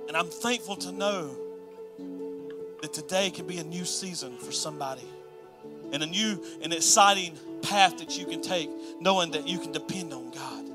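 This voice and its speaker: A male pastor preaching a sermon, moving between hushed, soft passages and loud, emphatic lines with repeated rhythmic phrases. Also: on the high side, moderate pace, music in the background.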